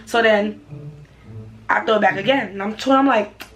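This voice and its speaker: A woman's voice: mid-range voice, moderate pace, a bit bright. Slangy New woman telling a story. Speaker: vlogger. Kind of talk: storytime vlog.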